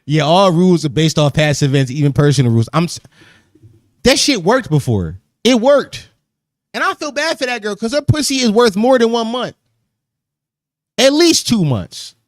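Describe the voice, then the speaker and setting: A man's voice: sits high, animated, moderate pace, no room sound, studio quality. A man hosting a podcast in casual chat, joking loosely, laughing often and repeating phrases. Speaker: podcast host.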